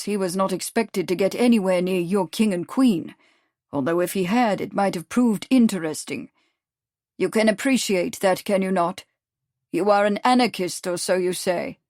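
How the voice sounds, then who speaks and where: A woman's voice: mid-range voice, normal speed, no room sound, clean studio sound, close to an everyday voice. A woman reading the lines of a cold, mocking male Russian secret police agent in an audiobook. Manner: calm, sneering, clipped.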